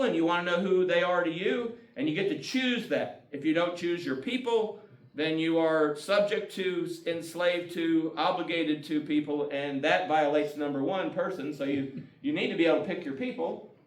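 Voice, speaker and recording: A folksy man gives a casual talk at a community meeting and often chuckles as he makes his points. His voice sits a little high and is picked up from some distance. The room echoes, and soft guitar music plays behind him. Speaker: guest speaker.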